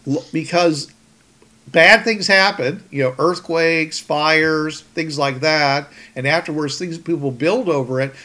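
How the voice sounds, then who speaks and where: A man's voice: fairly high pitch, sharp tone. A man hosting a podcast in casual chat, rambling with many restarts. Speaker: podcast host.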